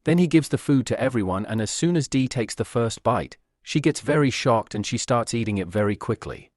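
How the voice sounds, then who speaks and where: A man's voice: mid-range voice, expressive, a little fast, no room sound, clean studio sound. A man narrating a comic recap in a plain, summarizing delivery.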